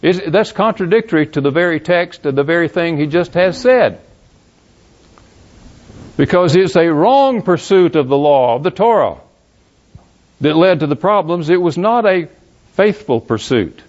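A man's voice: a little high, expressive, moderate pace, long pauses, darkish tone. Emphatic man teaching scripture, lo-fi. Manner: questioning, emphatic, rereads verses aloud. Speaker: Bible teacher. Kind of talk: verse-by-verse Bible teaching. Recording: dull lo-fi recording.

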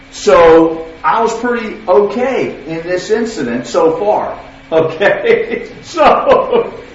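A man with a somewhat high voice tells stories in a conversational sermon, often checking in with "okay?" The recording is distant, echoey and dull, like a hall, with slight background noise.

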